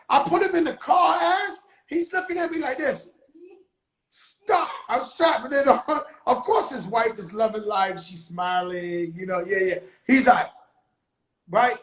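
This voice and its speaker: A man hosting his own live stream, telling a story in a casual, animated and profane way, with sudden shouted bursts. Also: extremely high pitch, roomy sound, low-quality recording. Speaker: livestream host telling a story. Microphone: phone on a live stream.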